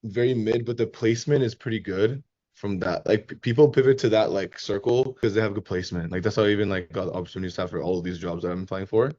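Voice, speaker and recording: A man's voice: lowish voice, fast, warm tone, dry recording. Casual young man on a dry lo-fi call. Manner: casual, many fillers, "like". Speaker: sales trainee.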